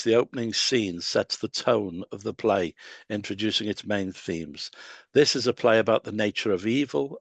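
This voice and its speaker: Male lecturer with a lowish voice, unhurried and explanatory, dry recording. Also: vocal fry, dry recording. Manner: explanatory, measured, with pauses and fillers. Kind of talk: public lecture.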